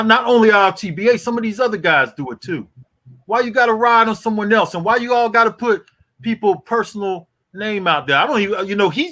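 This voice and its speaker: A man's voice: sits high, bright, forceful tone. A man in his forties hosting a boxing livestream, taunting a rival in a profane, repetitive rant. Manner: taunting, profane, repeats "boy" and "you hear me". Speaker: boxing YouTube host.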